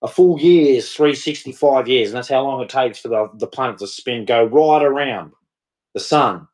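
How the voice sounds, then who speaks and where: A man's voice: medium pitch, normal speed, a little mellow. A man ranting to camera in a scornful, mocking, rambling way. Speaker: vlogger. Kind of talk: casual rant to camera.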